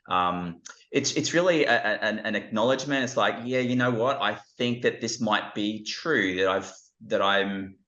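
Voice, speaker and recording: A man's voice: lowish voice, pushed and bright. A man speaking as an interview guest, talking earnestly and reflectively with many restarts, recorded with a dull, roomy sound. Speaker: guest, ministry founder.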